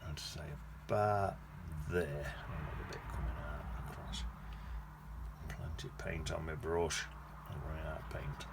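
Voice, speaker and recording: Brief: male painting tutor, deep voice, rambling self-correcting chat, noisy background hiss. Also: fairly even intonation, measured pace, creaky. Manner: chatty, thinking aloud while painting, self-correcting. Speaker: watercolour painting teacher. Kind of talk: casual painting demonstration. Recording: noticeable background noise.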